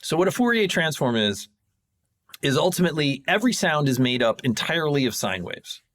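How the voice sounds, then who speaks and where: A man on a podcast as a guest sound designer, casually explaining technical ideas in a rambling, self-correcting way. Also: brisk. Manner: rambling, self-correcting, jumps in pitch when excited.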